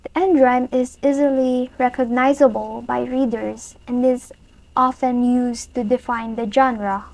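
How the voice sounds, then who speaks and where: A woman's voice: a little high, fairly even intonation, a little slow, creaky, a little mellow, poor audio. A woman reading a prepared lesson aloud in a careful way, sometimes restarting a word.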